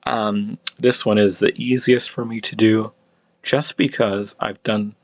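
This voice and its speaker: A man casually explaining pronunciation, thinking aloud with many halting restarts. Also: on the low side, fairly even intonation, dry recording. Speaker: language hobbyist explaining pronunciation.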